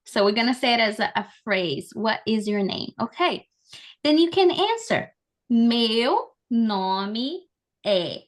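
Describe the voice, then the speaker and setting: A woman from Amazonas, Brazil, whose first language is Portuguese, speaks in a fairly high, very animated voice at a moderate pace. A language and culture trainer, she leads an online lesson over a video call with call-and-repeat drills, upbeat, encouraging and chatty.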